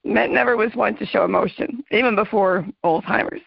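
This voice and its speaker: An older woman speaking in an interview, talking slowly and earnestly with emotion. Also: mid-range voice, vocal fry, husky, dry recording, muffled recording. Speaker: mother of a caregiver. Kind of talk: candid interview talk.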